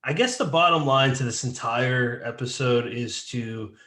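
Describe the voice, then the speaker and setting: A man's voice: mid-range voice, unhurried, sharp tone. Man podcast host in a roomy echo. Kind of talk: casual roundtable discussion.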